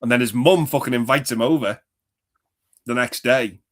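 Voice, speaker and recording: An enthusiastic man talking horror films in a relaxed, casual chat, swearing freely and excitedly quoting favorite lines. His voice sits at an ordinary middle pitch. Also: moderate pace. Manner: enthusiastic, swears often, quotes film lines in impressions. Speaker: podcast co-host.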